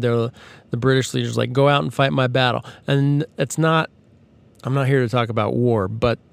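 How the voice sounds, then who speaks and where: Male podcast host, mid-pitch, conversational and earnest, dead-dry close sound. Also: no echo. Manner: conversational, earnest, with frequent fillers and restarts. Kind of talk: casual monologue.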